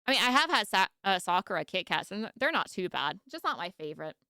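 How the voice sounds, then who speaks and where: Giggly, lively streamer woman with a twang. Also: mid-range voice, fast, no room sound, studio quality. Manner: rambling, giggly, chatty, with frequent restarts. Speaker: streamer reacting to videos. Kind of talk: casual live-stream reaction chat.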